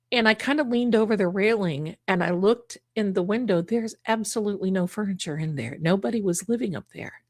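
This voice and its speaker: A middle-aged woman, telling a ghost story at home in a casual, animated way and acting out the voices she quotes. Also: medium pitch, no echo, clean studio sound. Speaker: psychic show host.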